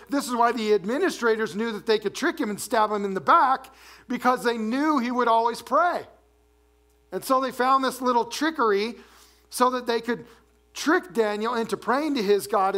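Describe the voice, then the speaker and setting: A man preaching a sermon as pastor, animated, dropping low and soft to read scripture.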